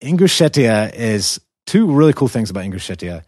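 A man's voice: mid-range voice, very animated, fairly quick, very noisy. A man with an American Southern accent who hosts a podcast and explains things with enthusiasm in a casual chat. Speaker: podcast host.

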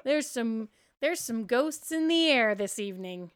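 A woman running a tabletop game as host, narrating the scene in a chatty way and laughing often. Her voice sits high and swoops widely up and down. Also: expressive, measured pace, clear, resonant tone. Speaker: podcast host and game master.

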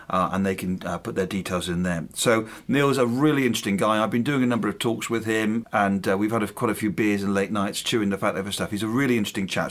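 A man co-hosting a podcast, introducing the next segment in a relaxed, chatty way. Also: fairly low pitch. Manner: relaxed, conversational. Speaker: podcast co-host. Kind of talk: casual introduction.

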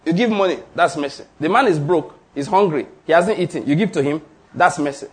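A man's voice: fairly high pitch, expressive, brisk. A man preaching a sermon to a congregation, quizzing them with call-and-response questions and repeating his points emphatically, with an occasional laugh. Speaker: pastor. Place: church before a congregation.

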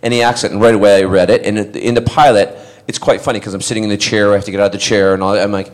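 A middle-aged man born in Scotland telling a convention anecdote, animated and acting out the other people's voices, laughing often. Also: lowish voice, racing. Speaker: actor telling convention stories. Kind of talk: casual convention panel anecdote.

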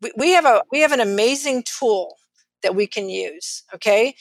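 A middle-aged financial advisor with a Texan accent, telling stories lively in an interview and acting out the people she quotes. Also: fairly high pitch, moderate pace, dry recording. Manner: animated, acts out quotes of others. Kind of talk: storytelling in a podcast interview.

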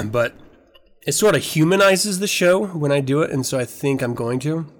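A man's voice: fairly high pitch, animated, moderate pace, vocal fry. A man hosting his own podcast, talking candidly and with a lot of profanity, emotional as he relives a painful moment. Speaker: podcast host. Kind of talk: casual podcast monologue.

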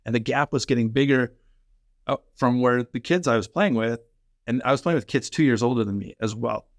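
A middle-aged man from Canada, a former pro hockey player, telling energetic, fast-flowing stories in a podcast interview. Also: mid-range voice, no echo. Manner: energetic, fast-flowing anecdotes with quoted dialogue. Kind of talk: animated storytelling in a podcast interview.

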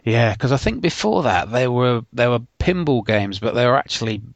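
A man's voice: medium pitch, sing-song, normal speed, no echo, lo-fi sound. A man co-hosting a podcast, chatting in a laid-back, bantering way. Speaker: podcast co-host. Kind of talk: casual chat.

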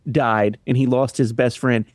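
A man's voice: mid-range voice, fairly even intonation, normal speed, darkish tone, no echo, clean studio sound. A man co-hosting a film review podcast, recapping scenes casually and laughing as he talks. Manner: chatty, laughs mid-sentence while recapping. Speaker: podcast co-host.

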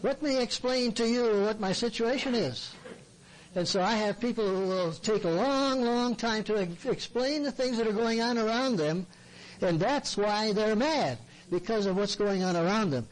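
Folksy man, somewhat high voice, earnest sermon-style counseling talk. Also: lively intonation, moderate pace, low-quality recording. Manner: earnest, folksy, acts out what people say to him. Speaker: Christian counselor speaking to men. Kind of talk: plain-spoken sermon talk.

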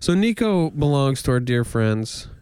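A man co-hosting a podcast in casual chat, joking around in a playful deadpan way. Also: mid-range voice, a little slow, smooth, no room sound, studio quality. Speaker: podcast co-host. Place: houseboat cabin.

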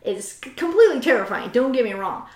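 A woman's voice: a little high, very animated, quick pace, a little mellow. A woman hosting a casual chat, animatedly retelling a story and reading quotes aloud from a book. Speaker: host. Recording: roomy echo.

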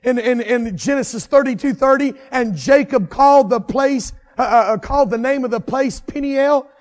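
High-voiced fervent male preacher. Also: moderate pace, big-room sound. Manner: fervent, repetitive cadences that rise to shouts. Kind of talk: sermon.

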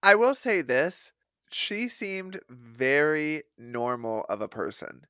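Male co-host, animated and profane storyteller, lively pitch. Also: takes it slowly, dry recording, clean studio sound. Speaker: podcast co-host. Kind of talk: casual podcast chat.

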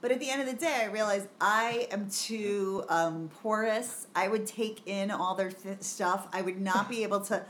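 A middle-aged woman co-hosting a podcast in casual chat, an animated storyteller who swears freely and laughs often. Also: mid-range voice, moderate pace, hardly any pauses, slight background noise. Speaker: podcast co-host.

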